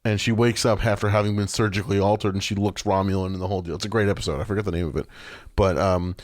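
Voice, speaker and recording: A man's voice: sits low, fairly even intonation, racing, no room sound, clean studio sound. A man co-hosting a podcast, recapping a TV episode in casual chat, rambling with many fillers and restarts. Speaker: podcast co-host.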